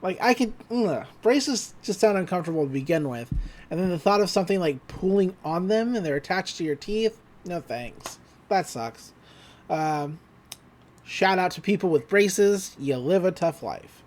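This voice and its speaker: Lively-voiced woman recapping a cartoon. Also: fairly low pitch. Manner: chatty, retells scenes with quick voices and laughs. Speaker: podcast co-host. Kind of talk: casual podcast recap.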